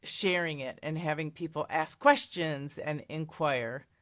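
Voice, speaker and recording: A woman host with a lowish voice asks slow, affirming questions, often echoing back what her guest said. The sound is close and dry. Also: a bit bright. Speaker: interviewer, host. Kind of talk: empathetic interview questions.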